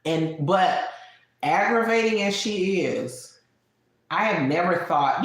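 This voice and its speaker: A woman in her late thirties hosts a casual live stream, chatting openly with viewers at home, laughing a lot and snacking while she talks. Her voice is lowish, animated and slow, and the room sounds very echoey.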